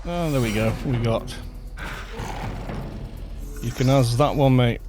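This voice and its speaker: A man's voice: mid-range voice, slow, music in the background. Chatty man streaming a game. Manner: rambling, muses aloud and answers chat. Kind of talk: casual live-stream chat while gaming.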